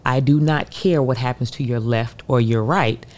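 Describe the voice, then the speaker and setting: A woman in her thirties from the United States, an Olympic hurdler telling a race story as an interview guest, acting out quotes with sudden leaps in pitch. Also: normal speed. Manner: animated, acts out her own voice and others in quotes. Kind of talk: emotional storytelling.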